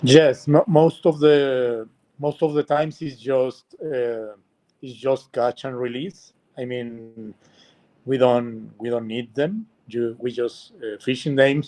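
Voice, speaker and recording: A man answering questions in casual chat, hesitant and pausing often. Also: medium pitch, fairly even intonation, dark tone. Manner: hesitant, many pauses with uh.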